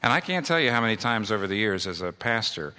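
A man's voice: on the low side, big pitch swings, fast, pushed and bright. A middle-aged male pastor preaching a sermon with emphatic repetition. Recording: long reverb of a large hall.

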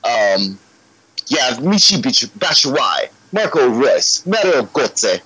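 Animated ranty man on a football podcast. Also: medium pitch, slow, breathy edge, no room sound, low-quality recording. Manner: animated, ranty, swears when worked up. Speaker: podcast guest. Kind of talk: casual football podcast chat.

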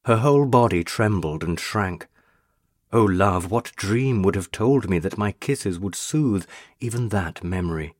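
A man with a husky voice reading a first-person story aloud, hushed, solemn and wondering. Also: sits low, unhurried, no echo, studio quality. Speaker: narrator.

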